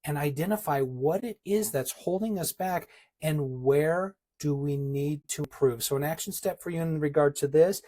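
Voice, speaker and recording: Male motivational coach, husky and emphatic, punchy repetition, talks straight to the team. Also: fairly high pitch, normal speed, mellow. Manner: emphatic and punchy, hammering repeated phrases; addresses listeners directly as a team. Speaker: business coach. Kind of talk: motivational talk.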